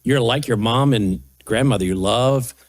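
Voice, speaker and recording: An older man, the host, gently coaxing and baby-talking with a small child at a studio news desk. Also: mid-range voice, normal speed, slight background noise. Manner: soft coaxing baby talk. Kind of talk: casual chat with a toddler on air.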